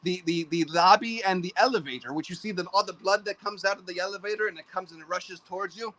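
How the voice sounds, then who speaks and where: Very high-voiced, animated man. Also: quick pace, a little hiss or hum, poor audio. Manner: animated, goofy, bursts into silly voices and shouts. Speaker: podcast guest, YouTuber. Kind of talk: casual podcast chat.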